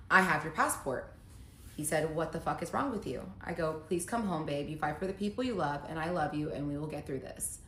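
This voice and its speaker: A woman's voice: sits low, a little hiss or hum. A young adult woman candidly retelling a painful personal story in casual storytime style, quoting text messages with emotion. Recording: echoey room.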